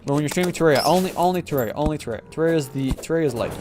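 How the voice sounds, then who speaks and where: A man's voice: fairly high pitch, racing, noisy background. A man casually commentating a game livestream, joking and sarcastic, rambling with lots of fillers, sleepy and yawning. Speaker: gaming livestreamer.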